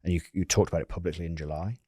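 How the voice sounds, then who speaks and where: A man with a strikingly deep voice hosts a podcast, drawing his guest out with empathetic, reflective questions. He swears casually, and the sound is dry and close to the mic. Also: fairly even intonation, very fast, mellow, dry recording. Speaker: podcast host. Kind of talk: interviewing a guest.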